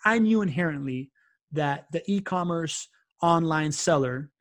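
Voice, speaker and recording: A man guesting on a podcast, telling stories in an animated, casual way full of fillers and "right?" tags. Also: on the high side, measured pace, no room sound, clean studio sound. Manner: animated, filler-heavy, keeps asking "right?". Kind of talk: casual interview storytelling.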